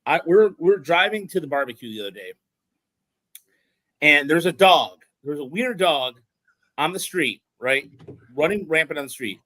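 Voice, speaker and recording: A man chatting on a sports podcast, his voice close and dry with no room sound. He wanders through stories full of restarts and gets animated when something excites him. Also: on the high side, moderate pace, long pauses, dry recording, rough recording. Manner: rambling, many restarts and fillers, excited storytelling. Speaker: podcast host. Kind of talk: casual sports podcast chat.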